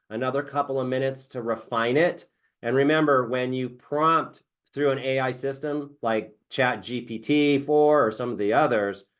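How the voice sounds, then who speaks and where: A man presenting in a webinar, explaining software step by step in a chatty way. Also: medium pitch. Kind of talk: casual presentation.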